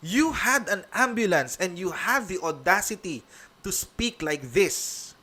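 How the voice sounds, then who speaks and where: Bright-voiced Filipino man, emphatic commentary. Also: high voice, expressive, a little slow. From Philippines. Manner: emphatic, repetitive, mixing English and Tagalog. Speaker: vlog reaction host. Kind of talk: heated reaction commentary.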